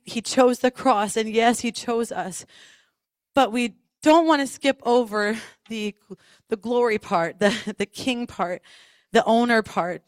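Woman preacher, higher voice, lively testimony delivery, dry close sound. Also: dry recording. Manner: animated storytelling with laughs and restarts. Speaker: worship leader. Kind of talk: sermon testimony.

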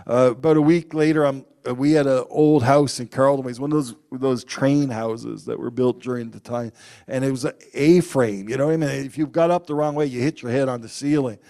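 A man preaching a sermon, telling personal stories in an animated way and acting out the quotes loudly. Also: medium pitch, a little fast.

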